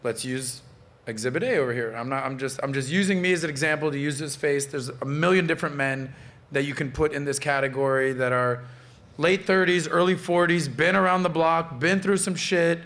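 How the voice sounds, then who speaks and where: A man in his late thirties hosting a podcast, telling stories in a loose, animated way with swearing. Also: fairly high pitch, fairly quick. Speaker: podcast host. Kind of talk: casual panel chat.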